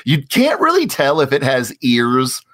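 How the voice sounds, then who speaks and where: A man narrating as game master of a tabletop game, describing scenes slowly with searching fillers. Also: mid-range voice, huge pitch swings. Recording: loud music underneath.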